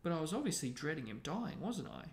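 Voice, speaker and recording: A man's voice: a little high, very animated, fast, reverberant, voice pushed up. Man voicing a sobbing, melodramatic teen girl. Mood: tearful. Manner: tearful, melodramatic. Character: tearful, dramatic teenage girl.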